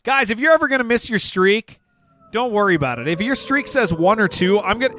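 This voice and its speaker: A man streaming games and chatting casually with viewers, excitable and rambling, saying "man" and "dude" all the time. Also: high voice, a little fast, no room sound. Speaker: game streamer. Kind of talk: casual livestream chat with viewers.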